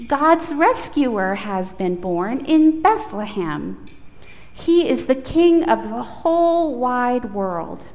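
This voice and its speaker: A woman voicing a calm angel bringing good news, read from a children's storybook. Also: on the high side, slow, exaggerated voice. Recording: echoey church hall, faint noise.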